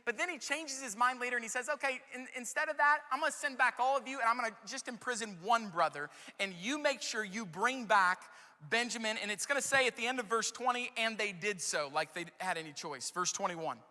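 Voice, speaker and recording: A male pastor with a very high, bright, piercing voice preaching in a church hall with a long echo. He talks casually and reads verses aloud. His tone turns dramatic when he acts out the people in the passage. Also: a little fast. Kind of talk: sermon.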